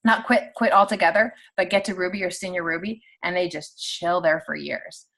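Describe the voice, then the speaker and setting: A woman in her thirties giving a casual, animated pep talk to her team on a video call. She talks quickly and fills her speech with "like.". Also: fairly low pitch. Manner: chatty and animated, heavy use of "like". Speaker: team leader on a sales call.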